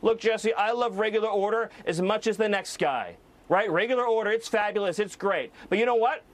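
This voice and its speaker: High-voiced man, constantly outraged. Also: brisk, dry recording. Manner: outraged, same loud volume throughout. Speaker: TV news guest commentator. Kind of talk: cable news commentary.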